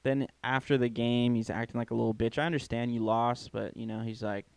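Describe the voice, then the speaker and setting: A man's voice: medium pitch, fairly even intonation, brisk, creaky, no room sound. A man co-hosting a podcast, ranting in casual chat with lots of swearing and strong opinions. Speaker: podcast co-host.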